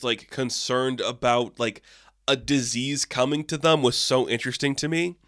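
A young man talks through a film review for his channel in a loose, animated way, throwing in the odd curse and playful quoted asides. His voice is bright and forceful at a middle pitch. The sound is close and dry. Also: dry recording. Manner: animated, swearing, quotes people in acted asides. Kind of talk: casual film review monologue.

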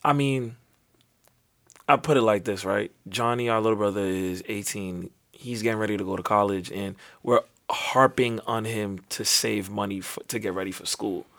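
Relaxed, reflective young man. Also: lowish voice, moderate pace, vocal fry. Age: 20s. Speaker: podcast co-host. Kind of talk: casual podcast chat.

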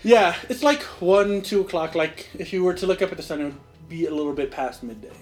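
Young guy GMing, slightly high voice, rambly, lots of likes and ums. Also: brisk, soft background music. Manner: rambling, filler-heavy, laughs often. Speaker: game master. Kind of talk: narrating a tabletop game.

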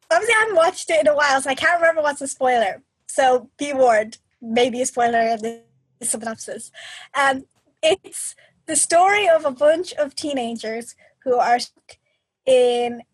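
A woman co-hosting a podcast in a casual chat, chatty and animated as she retells a story. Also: high-pitched, unhurried, dry recording, poor audio. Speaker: podcast co-host.

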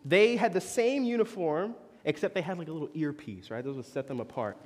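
A man's voice: fairly high pitch, animated, a little fast, a little mellow, long reverb tail. A young man preaching a sermon as a conversational story, with joking asides to the congregation.

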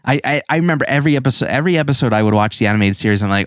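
A man co-hosting a podcast, chatting casually and getting animated, repeating words as he gets going. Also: lowish voice, very fast, few pauses, dry recording, clean studio sound. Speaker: podcast co-host. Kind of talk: casual chat.

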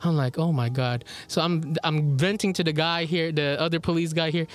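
Male podcast co-host, high-pitched, animated casual storyteller, salty language. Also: moderate pace. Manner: animated, swears freely, laughs often. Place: indoor recording with co-host beside him.

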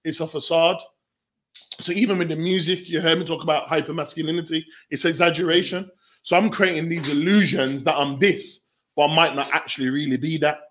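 Animated man telling stories. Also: fairly high pitch, a little fast. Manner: slangy, acts out quoted voices, bursts into laughter. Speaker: youth violence researcher and guest. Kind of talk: animated storytelling conversation.

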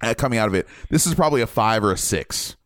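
A man on a casual podcast, giving an animated, opinionated spoiler review of a movie. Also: fairly low pitch, fast talker, no room sound, clean studio sound. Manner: animated, opinionated, jumps between points. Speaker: podcast host reviewing a film.

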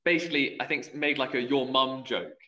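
Bright-voiced young man telling stories. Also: medium pitch, brisk. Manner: animated storyteller acting out quoted voices. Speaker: youth football referee and podcast co-host. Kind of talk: casual storytelling chat. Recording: echoey room, dull lo-fi sound.

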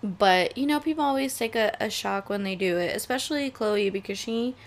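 Speaking at medium pitch and a fairly quick clip, a young woman rambles through her casual solo podcast, laughing a lot and cursing without restraint. She records from a room at home with an air conditioner.

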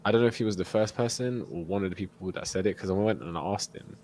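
A young man tells a long story and slips into the voices of the people in it, laughing as he goes. His voice sits very low, and a faint hum of room noise runs under it. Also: fast, few pauses. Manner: animated storyteller, acts out quotes, laughs often. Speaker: podcast co-host. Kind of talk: casual storytelling chat.

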